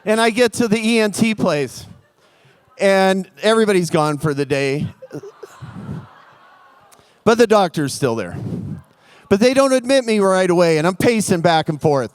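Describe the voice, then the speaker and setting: Brief: male storyteller, clear and high-pitched, animated comic delivery on stage. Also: moderate pace, long pauses, no echo. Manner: animated, comic, acts out the scenes. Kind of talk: live storytelling.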